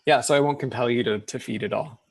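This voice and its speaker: A man's voice: mid-range voice, fast, no echo. A man narrating as game master in a casual tabletop game, with many fillers.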